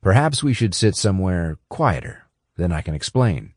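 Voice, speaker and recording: A man voicing a calm, courteous male investigator who speaks in a polite, measured way in a storybook. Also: sits low, no room sound, clean studio sound, heavily acted.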